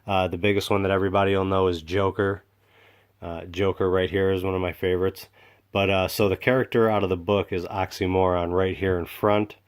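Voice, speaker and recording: A man casually showing off comic books in a rambling vlog, excited and full of fillers and restarts. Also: low-pitched, clear, resonant tone. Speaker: comic book collector vlogger. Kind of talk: casual show-and-tell vlog.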